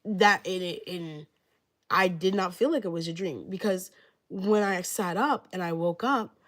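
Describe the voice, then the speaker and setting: Speaking a little slowly in a lowish voice, a young livestreamer giving readings meanders casually through a story. Almost every phrase she says is padded with "like."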